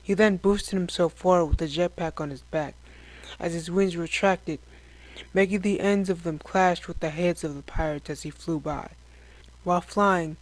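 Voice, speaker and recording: A man's voice: high voice, rough recording. Man narrating a sci-fi story. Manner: steady, descriptive reading.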